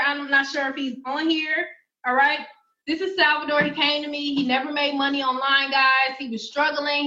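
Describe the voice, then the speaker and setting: Woman w/ hyping her online system, bright high voice, kinda dull lo-fi sound. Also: roomy sound. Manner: energetic, chatty, addresses audience as y'all and guys. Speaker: online business trainer. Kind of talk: sales presentation.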